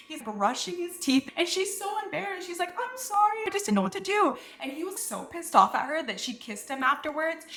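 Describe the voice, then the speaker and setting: A young woman hosts a casual advice podcast with a voice that sits a touch high. She talks frankly and uses playful slang. She tells her stories with animated energy. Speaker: podcast host.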